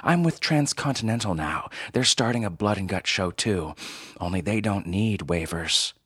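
A man's voice: fairly low pitch, animated, moderate pace, a bit bright, slightly rough, no room sound, studio quality. A man doing a callous, mocking doctor. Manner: cold, mocking. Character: callous smirking male doctor turned bootlegger.

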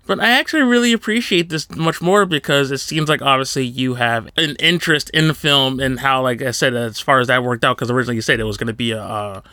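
A man hosting a casual interview, chatty and quick to laugh, with lots of fillers. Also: mid-range voice, bright, forceful tone, dry recording. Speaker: podcast host.

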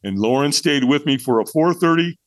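A middle-aged man tells his story in a relaxed, frank way. His delivery is animated and he swears now and then. The sound is dry and close-miked. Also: fairly quick, dry recording. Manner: animated, jumps into high voices when quoting people; candid and frank, swears freely. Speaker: podcast guest. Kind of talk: storytelling in casual conversation.

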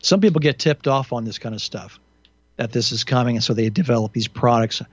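A man's voice: mid-range voice, brisk, dry recording, lo-fi sound. A man hosting a talk radio show alone, rambling through indignant, sarcastic commentary with frequent restarts and fillers.

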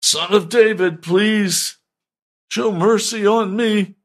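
A man's voice: very animated, takes it slowly, sharp tone, husky, full character voice. A man voicing a blind male beggar who cries out for mercy in pleading, raised tones. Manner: pleading, high-pitched cries.

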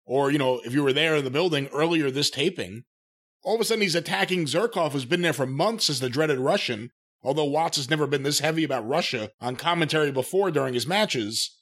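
A man co-hosting a wrestling podcast, giving a brisk recap of archive footage. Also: fairly high pitch, a bit bright. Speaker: podcast co-host.

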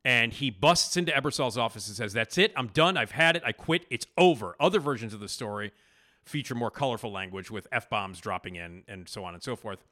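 Bright-voiced man hosting a TV podcast. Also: mid-range voice. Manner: animated retelling with fillers and laughs. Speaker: podcast host. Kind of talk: casual storytelling commentary.

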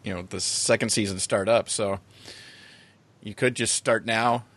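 A man's voice: lowish voice, steady tone, unhurried, a bit bright. A man hosting a podcast in casual chat, laughing often while he teases his guests. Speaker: podcast host.

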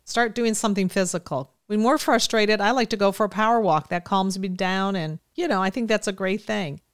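A woman's voice: mid-range voice, fairly quick, clear, resonant tone, no echo, clean studio sound. A woman hosting an interview, affirming the guest and asking follow-up questions. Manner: warm and affirming, praises the guest's tips. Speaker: interview host.

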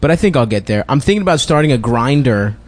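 A man's voice: medium pitch, lively intonation, fast talker. A man chatting on a comedy podcast, brash and eager, often laughing. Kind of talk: casual comedic chat.

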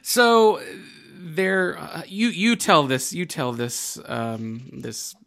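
A man co-hosting a casual movie podcast, speaking haltingly with stammered restarts. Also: a little high, vocal fry, fairly bright tone. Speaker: podcast co-host.

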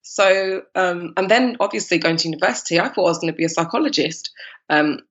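A woman's voice: on the low side, fairly quick, muffled recording. A woman from London with a London accent, a guest talking casually in an interview, chatty and laughing often. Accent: London English. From London, England. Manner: chatty, laughs often, animated when quoting people. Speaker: guest, cupcake business founder.

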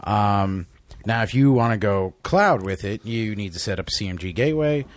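Sick-sounding deep-voiced man, swearing storyteller. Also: normal speed, no room sound. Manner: swears a lot, animated storyteller. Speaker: podcast co-host. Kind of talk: casual chat.

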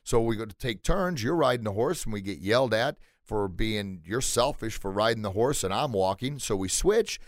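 A man playing a bewildered father who speaks quietly and hesitantly, stumbling over his words. The voice sits a little low and is recorded dry and close. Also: lively intonation, normal speed, few pauses, no room sound, close to an everyday voice. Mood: confused. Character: bewildered, soft-spoken father.

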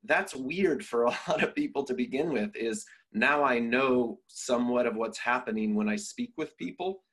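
Male podcast co-host, husky mid-range voice, reflective and thoughtful. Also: mid-range voice, animated, normal speed, a bit bright. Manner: reflective, thinks aloud with restarts. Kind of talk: conversational podcast talk.

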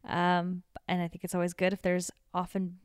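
A woman's voice: fairly low pitch, completely flat delivery, smooth, no echo, clean studio sound. A woman co-hosting a casual podcast chat, bubbly and enthusiastic. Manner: bubbly and enthusiastic, quick to laugh. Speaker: podcast co-host.

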